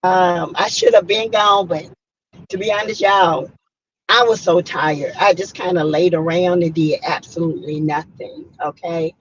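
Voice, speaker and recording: A hoarse woman, chatting casually and emphatically on a livestream and greeting viewers by name. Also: lowish voice, steady tone, unhurried, slight background noise. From South Carolina. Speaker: livestream host. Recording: muffled lo-fi audio.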